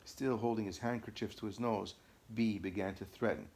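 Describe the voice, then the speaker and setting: Low-ish voiced guy reading an audiobook, slow and deliberate. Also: fairly even intonation, darkish tone. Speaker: audiobook narrator. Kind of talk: first-person audiobook reading.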